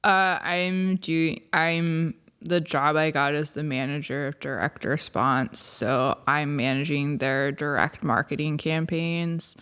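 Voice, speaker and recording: A woman's voice: low-pitched, steady tone, slow pace, few pauses, fairly bright tone, smooth. A woman co-hosting a comedy podcast, chatting casually, teasing her co-host and laughing often.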